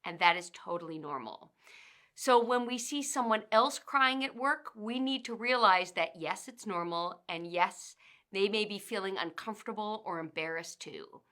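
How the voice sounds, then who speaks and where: A woman who trains people in workplace communication, giving an instructional talk in a measured, explanatory way and working through lists point by point. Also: medium pitch, expressive, bright, forceful tone. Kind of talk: instructional narration.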